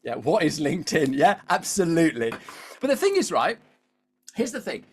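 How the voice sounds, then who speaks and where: A man's voice: a little high, sing-song, moderate pace, slight background noise. Chatty British man coaching a webinar. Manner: chatty, keeps asking the audience "all right?". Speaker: LinkedIn coach. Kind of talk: live webinar coaching talk.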